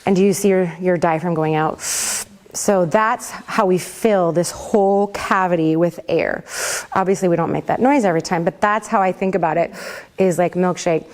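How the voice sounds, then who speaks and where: A woman's voice: lowish voice, moderate pace, darkish tone. Chatty woman teaching a vocal class. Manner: chatty, laughs often, rambling asides. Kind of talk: casual teaching talk. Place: classroom with a group.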